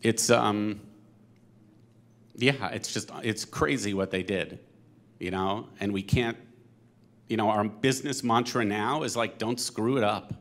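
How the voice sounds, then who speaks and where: A man speaking at a panel conversation as a company co-president, earnest and halting, getting teary. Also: fairly low pitch, fairly bright tone. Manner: earnest, emotional, halting with fillers. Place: synagogue event hall.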